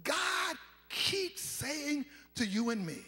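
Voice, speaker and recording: A man, a pastor preaching a sermon in a chanting, sing-song style that builds to shouts, recorded live in a large church. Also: very high voice, sing-song, slow. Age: 50s. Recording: live church recording with long reverb and faint organ.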